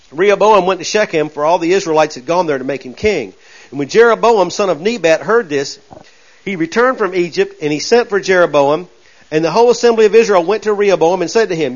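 A male preacher delivers a folksy, animated sermon and throws himself into acting out the voices. His voice sits high, and the recording sounds dull and lo-fi.

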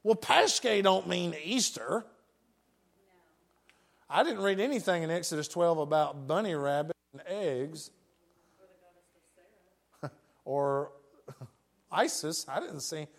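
A man's voice: a little high, animated, takes it slowly, creaky, long pauses. A man with a West Tennessee accent preaching a sermon in a folksy, joking way, laughing often.

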